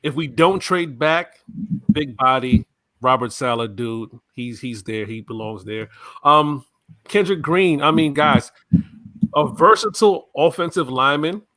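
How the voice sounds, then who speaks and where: A man putting on a brash male pro-wrestler promo persona, growling hype lines and shouting "brother" on a podcast live stream. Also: mid-range voice, expressive, measured pace, dry recording. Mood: hyped. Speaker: podcast co-host.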